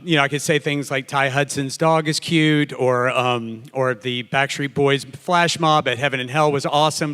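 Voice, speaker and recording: A man hosting a live awards ceremony, loud and jokey with the crowd, then turning emotional as he thanks people. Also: mid-range voice, smooth, long reverb tail. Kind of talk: live emcee remarks to an audience.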